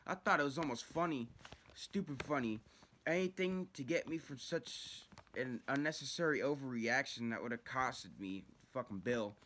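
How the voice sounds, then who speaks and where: A man's voice: medium pitch, normal speed, a little hiss or hum. A young man telling a rambling, profane story about his own past in a casual vlog. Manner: profane, rambling, animated retelling.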